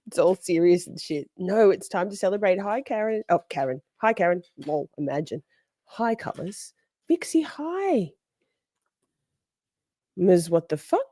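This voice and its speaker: A chatty woman streams from home in a bubbly, lively voice, taking her time. She swears freely as she greets viewers, and her voice sounds close and dry. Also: fairly low pitch, unhurried, no room sound. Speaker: livestream host. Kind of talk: casual livestream chat.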